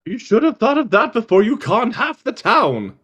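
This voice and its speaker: A man's voice: very high-pitched, big pitch swings, normal speed, fairly bright tone, breathy edge, dull audio, exaggerated voice. A man as a pompous fed-up wizard. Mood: haughty. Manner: pompous, exasperated. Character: haughty, fed-up male wizard.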